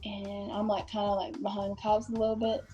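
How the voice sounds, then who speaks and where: A woman's voice: medium pitch, monotone, a little fast, warm tone, lo-fi sound, soft background music. A young woman, a podcast guest telling a story casually with many fillers.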